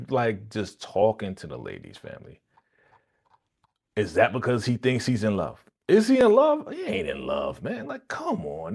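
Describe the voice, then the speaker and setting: A man hosting a live reaction stream, chatting casually in slang and acting out characters' lines as he retells the episode. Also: mid-range voice. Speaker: livestream host reacting to a TV episode.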